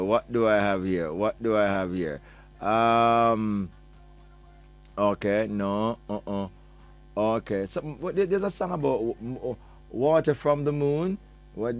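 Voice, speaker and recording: A man's voice: mid-range voice, muffled recording. A man with a Jamaican accent hosting a morning radio show, teasing listeners playfully and mixing patois into his English. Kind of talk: morning radio chat, reading out listener messages.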